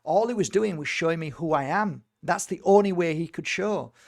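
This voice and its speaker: A man, a spiritual healer and medium, telling stories in casual conversation, emphatic and animated with many repeated words. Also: on the high side, moderate pace, vocal fry.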